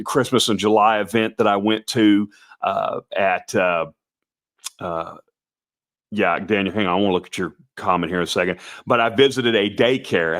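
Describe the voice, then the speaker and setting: An older man with a raspy voice, talking casually as a Santa performer hosting a livestream, rambling with many restarts and asides to viewers. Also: on the low side.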